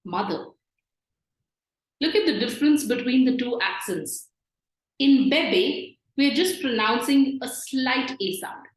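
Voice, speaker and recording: A woman with a fairly high voice teaches at a very slow, deliberate pace. She explains patiently and repeats each sound. The room around her rings with echo. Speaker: French teacher. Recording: echoey room.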